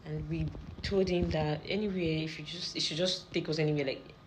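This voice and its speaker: A young Nigerian woman with a Nigerian accent telling a rambling, animated story in casual storytime style. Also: low-pitched, fairly quick, a little hiss or hum, low-quality recording. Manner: rambling, animated retelling with repeated phrases.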